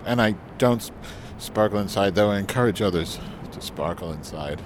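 A man with a lowish, animated voice speaks at a normal speed into his handheld recorder outside in the wind. He's testing a new windscreen, rambling vlog-style with crude jokes and repeated silly phrases. There's background noise.

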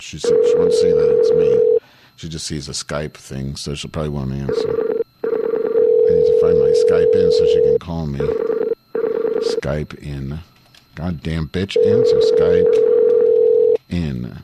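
A man's voice: rumbling low, very noisy. A man playing Madge Weinstein, a vulgar, irritable diva hosting a comedy show, rambling and swearing while making calls over Skype at home. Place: home, calling through Skype.

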